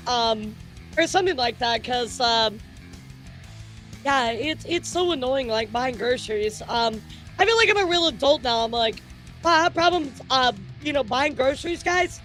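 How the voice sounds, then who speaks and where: High-voiced woman streamer chatting. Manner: animated storytelling, swears freely. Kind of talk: casual livestream chat.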